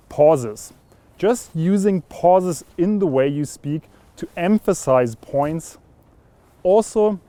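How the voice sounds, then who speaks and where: Here a young man's high-leaning, dark voice comes through with no room sound. He's a voice and communication coach, cheerfully instructing viewers to camera on how a voice exercise works.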